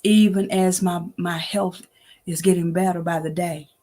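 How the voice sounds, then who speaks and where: A woman's voice: on the low side, fairly even intonation, normal speed, dark tone. A woman in her sixties giving a preachy, familiar faith talk on a livestream, greeting viewers by name and laughing often. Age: 60s. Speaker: host of an online inspirational show.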